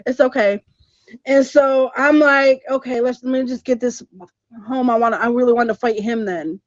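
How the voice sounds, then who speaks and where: A woman on a podcast, telling a story in an animated, emphatic way and laughing as she goes. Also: fairly high pitch, moderate pace, no echo. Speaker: podcast co-host. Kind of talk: casual storytelling chat. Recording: dull, slightly muffled podcast audio.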